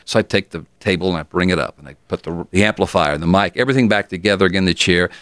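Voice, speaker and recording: An older man, telling radio stories in an interview and acting out the voices with big jumps in pitch. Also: very fast, few pauses, clean tone, dry recording. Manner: animated storyteller, acts out voices and jumps in pitch when excited. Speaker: interview guest, former radio DJ. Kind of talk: casual storytelling interview.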